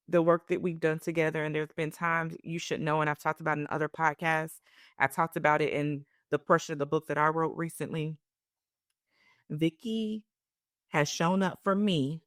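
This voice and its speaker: A woman's voice: deep voice, dry recording, clean studio sound. A woman hosting a podcast, speaking in an emotional, encouraging, almost preacherly way. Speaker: podcast host. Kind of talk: heartfelt podcast conversation.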